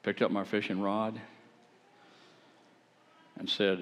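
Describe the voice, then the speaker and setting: A man preaching, telling his own testimony in a folksy, animated, conversational way with self-deprecating humor. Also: medium pitch, normal speed. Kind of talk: folksy storytelling sermon. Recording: long hall reverb.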